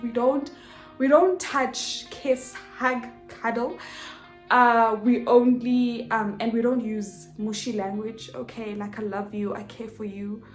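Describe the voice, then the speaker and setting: A young woman telling a personal story in a casual vlog, animated and expressive, acting out the dialogue. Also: on the high side. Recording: echoey room with faint music.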